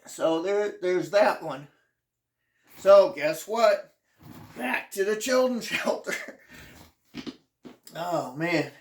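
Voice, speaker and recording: Emotional and earnest, the channel host haltingly tells a personal memoir, often restarting sentences and at times nearly crying. The mid-range voice is expressive with a darkish tone, heard in an echoey room.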